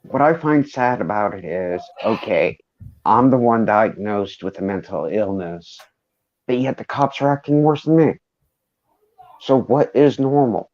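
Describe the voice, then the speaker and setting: Guest caller, deeper male voice, wry casual chat, muffled remote audio. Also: a little slow, a little mellow.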